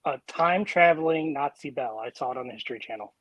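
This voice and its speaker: A man's voice: medium pitch, fast, a bit bright, no room sound, muffled recording. A man co-hosting a casual podcast, rambling easygoing through a story. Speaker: podcast co-host. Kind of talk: casual chat.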